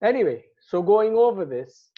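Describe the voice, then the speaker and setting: A man's voice: high voice, big pitch swings, normal speed. A man teaching Arabic grammar from Quranic verses, patiently explaining and repeating words for emphasis. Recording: tinny phone-like sound.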